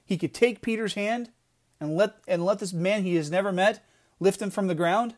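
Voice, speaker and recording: Middle-aged guy preaching earnestly, kinda high voice, keeps restarting lines. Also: normal speed. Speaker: podcast devotional speaker. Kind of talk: devotional sermon talk.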